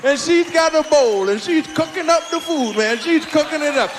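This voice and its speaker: High-pitched male comic, crude and shouty storytelling, live hall sound. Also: expressive, moderate pace, noisy background. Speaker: stand-up comedian. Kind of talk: stand-up comedy storytelling. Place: stage before a live crowd in a hall. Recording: hall reverb with faint crowd.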